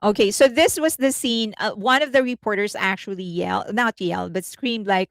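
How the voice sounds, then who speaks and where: A woman hosting a casual entertainment news livestream, chatty and rambling, laughing often and thinking out loud. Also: mid-range voice, a little fast, vocal fry, hardly any pauses, no echo.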